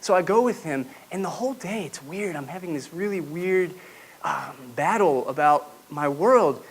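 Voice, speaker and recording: A man with a high voice speaks from a podium to a room full of listeners. He tells his own story in a reflective way and turns to the audience with questions now and then. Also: lively intonation, normal speed, breathy edge. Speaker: public speaker. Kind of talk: personal testimony talk to a live audience.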